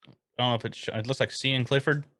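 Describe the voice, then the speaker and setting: A man's voice: mid-range voice, fairly even intonation, quick pace, fairly bright tone, no echo. A man co-hosting a casual podcast, joking and riffing on wordplay with his co-host. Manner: jokey, wordplay banter. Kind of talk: casual chat.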